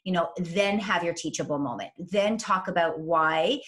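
A woman's voice: on the low side, moderate pace, fairly bright tone. A woman parenting coach in a podcast interview, explaining in an instructive way and acting out what parents say to their kids.

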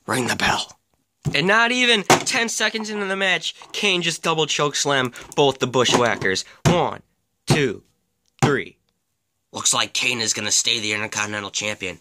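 Excitable man doing mock wrestling commentary. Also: mid-range voice, moderate pace. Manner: excitable, exclaiming, deadpan asides.

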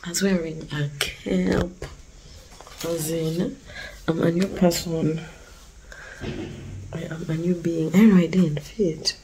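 A young woman from Uganda talking casually to her phone camera in a vlog, chatty and often sliding into soft half-whispered asides. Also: fairly low pitch, steady tone, slow, pauses often, noisy background. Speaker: vlogger.

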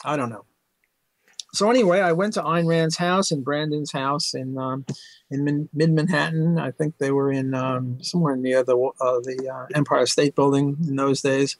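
An older man recounts his memories in an unhurried, rambling way, peppering them with fillers and bursts of laughter. His voice sits a little high for a man, and it sounds close and dry, with no room echo. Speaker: interview guest, economics professor. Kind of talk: casual storytelling interview.

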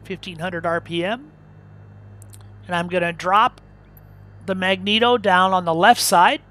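A man's voice: high voice, measured pace, pushed and bright. A man hosting a flight sim video, talking casually and instructively, rambling a bit with fillers and restarts as he goes through pre-flight checks. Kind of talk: casual talk while flying a simulator.

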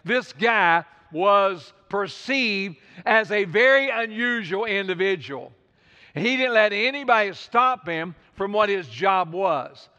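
A man's voice: high voice, lively intonation, slow pace, bright, forceful tone, big-room sound, highs cut off. A man preaching a sermon as pastor, fervent and repetitive, appealing straight to the congregation. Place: church sanctuary.

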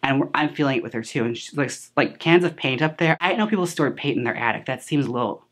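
A woman's voice: very deep voice, animated, fast. A woman hosting a casual movie recap, chatty and sassy, full of filler words and side remarks. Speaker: host reviewing a film.

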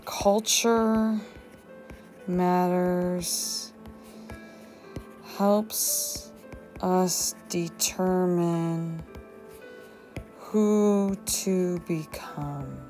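A woman's voice: fairly low pitch, steady tone, drawn-out words, pauses often, dark tone, faint music behind. A woman teacher thinking aloud as she writes a journal entry for her students, musing and talking to herself. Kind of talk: thinking aloud while writing a journal demo.

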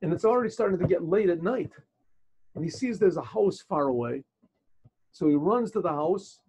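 Man, rabbi, storytelling on a video call, halting and repetitive, dark husky voice. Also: high-pitched, expressive, rough recording. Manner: halting, repeats and restarts phrases.

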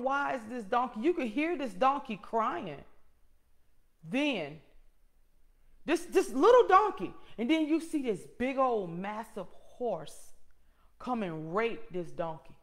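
A middle-aged woman hosting her own show, preaching a personal testimony in an emphatic way that swings from loud to hushed. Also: a little high, sing-song, a little slow. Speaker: host and motivational speaker.

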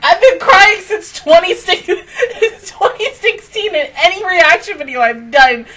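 A woman's voice: very high voice, animated, unhurried, a bit bright, far from the mic, low-quality recording. A woman hosting an anime reaction video, chatting casually while crying and laughing between words and exclaiming. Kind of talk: emotional casual reaction chat.

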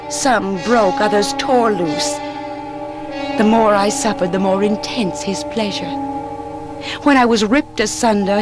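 An actress playing a young woman who narrates her own ordeal in a steady, grave voice, in a 1960s spoken-word drama recording. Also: mid-range voice, natural voice.

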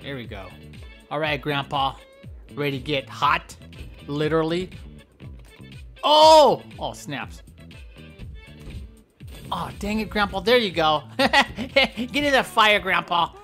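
A man hosting a gameplay video, giving playful, goofy commentary that keeps breaking into yelps and shouts. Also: a little high, unhurried, long pauses, soft background music. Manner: goofy, trash-talking, yelps and shouts often. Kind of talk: playful let's-play commentary.

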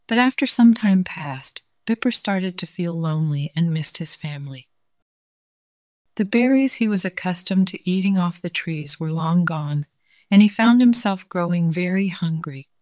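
Calm woman reading a children's story. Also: lowish voice, dry recording.

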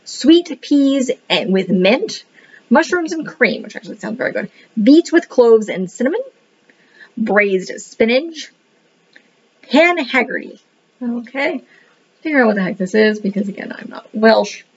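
A woman's voice: fairly high pitch, expressive, a little slow, pauses often, slightly rough. A woman giving a casual book review, rambling and thinking aloud as she leafs through the pages. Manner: rambling, thinking aloud, says "what the heck" a lot. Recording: dull lo-fi recording.

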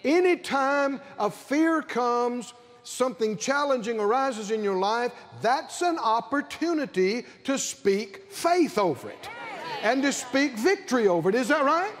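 An older man with a Southern accent preaching a sermon to a convention congregation, calling for responses and rising to shouts. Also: extremely high pitch, lively intonation, measured pace. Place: large convention hall with congregation.

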